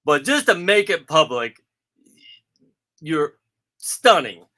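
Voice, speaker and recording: A man's voice: fairly high pitch, takes it slowly. A man chatting casually, teasing and joking, often acting out what people said. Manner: joking, teasing, self-mocking; quotes people in animated voices. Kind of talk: casual chat.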